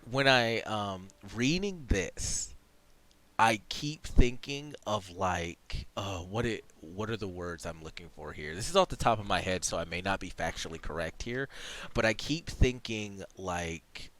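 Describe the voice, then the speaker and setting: A man's voice: on the low side, expressive, measured pace, fairly bright tone. A man casually reading and commenting on a role-playing game, rambling with lots of fillers and restarts. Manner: rambling, many fillers and self-corrections. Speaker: let's play streamer.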